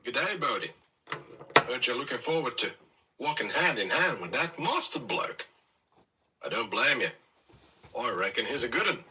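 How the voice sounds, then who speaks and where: A man's voice: mid-range voice, sing-song, moderate pace, pauses often, bright, forceful tone, far from the mic, slight background noise, poor audio. A man voicing a crude, blokey Australian man who talks in matey slang and throws cheerful insults. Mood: cheeky.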